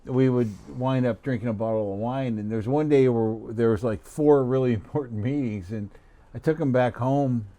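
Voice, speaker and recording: A man co-hosting a podcast, wandering through a long anecdote and chuckling at himself along the way. His voice sits at a middle pitch, plain and conversational. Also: normal speed, dark tone. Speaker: podcast co-host. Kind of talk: casual chat.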